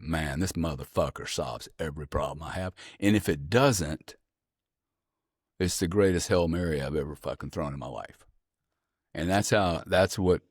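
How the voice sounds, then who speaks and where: A man guest on an interview podcast, telling stories in a blunt, profane, animated way. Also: sits low, no echo, clean studio sound. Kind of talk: casual storytelling interview.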